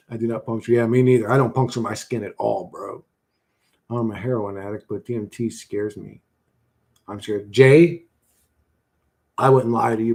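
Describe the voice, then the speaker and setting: A man's voice: a little high, darkish tone. A man hosting a casual livestream, reading chat and answering bluntly with lots of swearing and "bro.".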